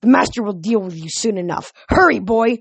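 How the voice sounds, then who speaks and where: A woman's voice: mid-range voice, expressive, brisk, creaky, slightly rough, no echo. A woman voicing servile, scheming seal-toothed demon smiths in a storybook reading, hissing and urgent.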